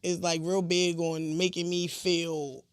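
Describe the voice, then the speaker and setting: A woman's voice: lowish voice, level tone, slow pace, clear, resonant tone, dry recording, clean studio sound. A woman guest on a podcast, chatting playfully and acting out voices in her stories. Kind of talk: casual chat.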